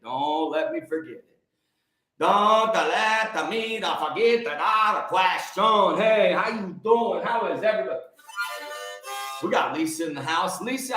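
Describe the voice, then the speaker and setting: A man in his forties with a high voice hosts an energetic livestream, calling out viewers by name and preaching in bursts of repeated phrases. He sounds like he is in a very echoey room. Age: 40s. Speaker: livestream host.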